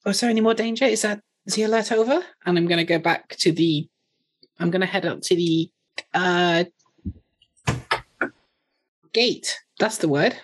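A woman's voice: fairly low pitch, moderate pace, long pauses. A woman playing in a tabletop game, speaking hesitantly and searching for her words. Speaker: player.

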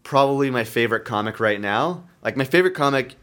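A man's voice: mid-range voice, expressive, quick pace, a bit bright. A man hosting a casual podcast chat, talking loosely with frequent laughs. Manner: chatty, laughs often, promotes shows. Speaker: podcast host.

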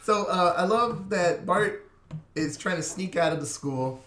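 Animated man recapping an episode. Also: high voice, a little slow, echoey room. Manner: animated storytelling, acts out quotes. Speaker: podcast co-host. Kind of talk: casual chat.

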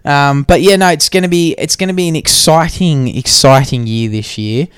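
A man's voice: a little high, moderate pace, clear, resonant tone, dry recording, studio quality. A young man, co-hosting a casual fitness podcast, blunt and laid-back with plenty of swearing. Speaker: podcast co-host. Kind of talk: casual chat.

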